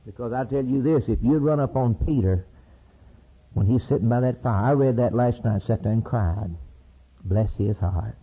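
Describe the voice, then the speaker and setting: A male preacher delivers a sermon, swinging from loud high cries to low hushed storytelling. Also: moderate pace, husky. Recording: tinny lo-fi sermon tape.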